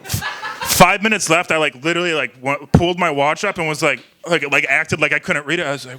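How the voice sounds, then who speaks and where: A young man from Ohio doing an open mic stand-up set, rambling and halting, laughing at his own jokes. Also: a little high, a crowd in the background. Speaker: stand-up comedian. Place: small bar venue with live crowd.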